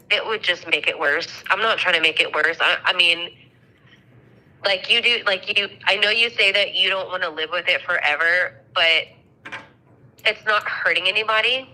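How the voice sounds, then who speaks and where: A woman's voice: on the low side, pushed and bright, low-quality recording. A woman in her thirties casually telling a story, chatty, swearing freely and acting out the dialogue. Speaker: mother telling a ghost story.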